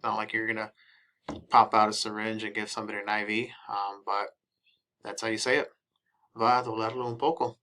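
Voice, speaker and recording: A man giving a casual lesson, reading each English phrase and then repeating the Spanish slowly. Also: fairly low pitch, monotone, sharp tone.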